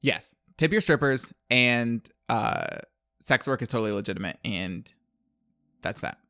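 A man's voice: mid-range voice, expressive, a little slow, creaky, sharp tone, no echo, clean studio sound. A man telling a movie plot in casual chat, rambling with lots of fillers and acted-out quotes. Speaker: podcast co-host.

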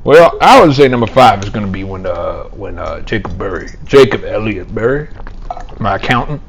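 A man's voice: lowish voice, normal speed, gravelly, slight background noise. A man trading jokes and rambling stories in casual banter. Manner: joking, rambling, animated bursts.

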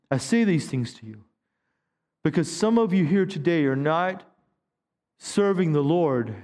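A man's voice: fairly high pitch, darkish tone, in a large hall. A man in his fifties, a pastor preaching a sermon in a conversational way, with stammered restarts. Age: 50s. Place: church sanctuary.

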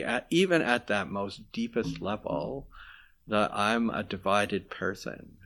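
A man being interviewed, speaking in a halting, searching, confessional way. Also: low-pitched, vocal fry, a bit bright. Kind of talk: reflective spoken testimony.

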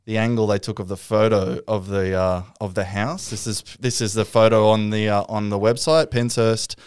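A man co-hosting a casual chat, reacting quickly and laughing easily. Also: fairly low pitch, little pitch movement, a little mellow, smooth, dry recording, clean studio sound. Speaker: podcast co-host.

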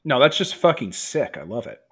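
A man's voice: mid-range voice, very animated, brisk, a bit bright, husky. A man joking and swearing casually as a player in a tabletop game.

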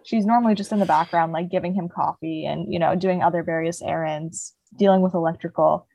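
A woman's voice: on the low side, fairly even intonation, a little fast, gravelly, dark tone, poor audio. A young woman co-hosting a podcast, casually retelling a book's plot with lots of "like" fillers. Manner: rambling retelling, heavy "like" fillers. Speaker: podcast co-host. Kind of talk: casual book chat.

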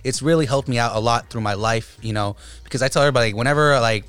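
A man chatting casually about dance, his voice sitting at an ordinary middle pitch. He tells stories in a relaxed, easygoing way and laughs often as he goes. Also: fast, clean tone, no room sound. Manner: laid-back storytelling, imitates friends' voices, laughs often. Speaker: breakdancer. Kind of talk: casual chat.

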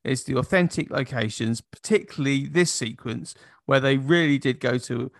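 A man's voice: mid-range voice, normal speed, gravelly, no echo, clean studio sound. A man co-hosting a podcast, chatting casually about a film, often repeating words and laughing. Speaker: podcast co-host. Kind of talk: casual film review chat.

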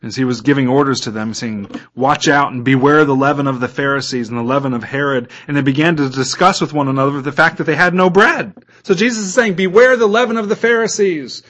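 A man's voice: medium pitch, a little fast, fairly bright tone. A man preaching a sermon as a pastor, reading scripture aloud and putting questions to his listeners.

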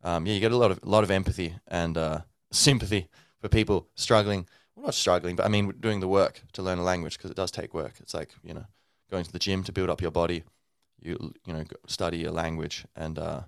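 A man's voice: deep voice, steady tone, a little fast, creaky, few pauses, clear, resonant tone, no room sound, studio quality. A man hosting a podcast, speaking in a loose, rambling monologue full of fillers and sounding tired from little sleep. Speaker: podcast host.

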